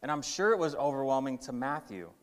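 A man's voice: medium pitch, expressive, brisk. A male pastor preaching a sermon with emphatic storytelling and a shifting pace. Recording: reverberant hall.

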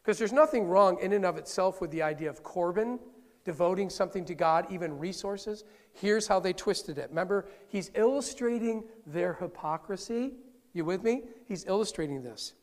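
High-voiced male pastor preaching. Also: moderate pace, in a large hall. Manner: lively, conversational, asks the congregation questions. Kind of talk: sermon.

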